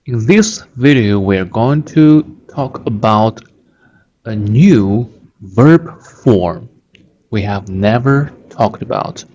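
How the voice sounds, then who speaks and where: Slow-talking guy with teaching a lesson, lowish voice, kinda muffled audio. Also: animated, warm tone. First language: Chinese. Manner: patient, repeats words slowly for learners. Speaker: Chinese teacher. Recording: dull lo-fi sound.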